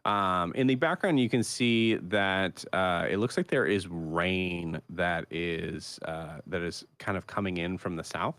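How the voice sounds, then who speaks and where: A young man narrating as game master, describing scenes haltingly with many fillers. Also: sits low, fairly bright tone, no room sound.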